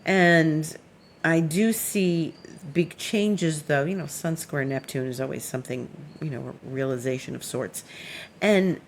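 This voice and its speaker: A woman's voice: deep voice, a little slow, a little hiss or hum. A woman astrologer giving a casual weekly forecast, chatty and meandering with plenty of fillers.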